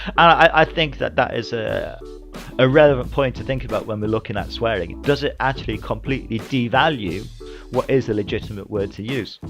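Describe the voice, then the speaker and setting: Male vlogger, even mid pitch, plain-spoken lecturer type, faint music under him. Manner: conversational, blunt, swears freely. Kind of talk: casual spoken essay to camera.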